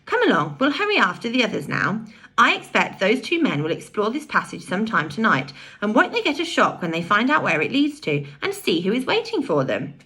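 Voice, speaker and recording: A woman's voice: mid-range voice, huge pitch swings, bright, forceful tone, breathy edge, voice pushed up, full character voice. Woman voicing a fearless bossy tomboy girl. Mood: tender. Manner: brisk, fierce, bossy.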